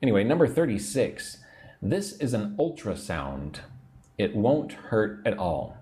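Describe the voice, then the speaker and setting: A man hosting an English lesson livestream, explaining words slowly, drilling pronunciation and reading viewer comments aloud. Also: lowish voice, sing-song, dark tone. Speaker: English teacher. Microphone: own microphone at a computer.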